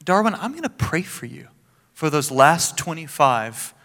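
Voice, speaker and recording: Pastor guy preaching, bright sharp voice, kinda high, tells stories and jokes around, big echoey church hall. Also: unhurried. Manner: animated storytelling with laughs and playful asides. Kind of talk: sermon.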